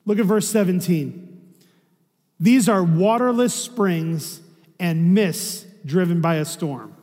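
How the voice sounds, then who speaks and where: A man's voice: high voice, slow, darkish tone, long reverb tail. A man preaching a sermon as a pastor, in a conversational way, often asking rhetorical questions.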